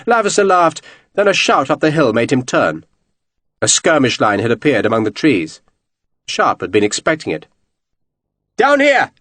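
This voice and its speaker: A man narrating an audiobook in an expressive, dramatic reading style. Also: mid-range voice, normal speed, dry recording.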